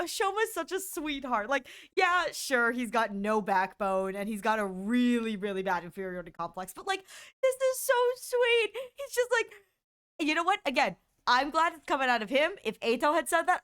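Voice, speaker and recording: A young woman streaming a game, gushing and animated as she comments and reads lines aloud. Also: high-pitched, moderate pace. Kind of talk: let's play commentary.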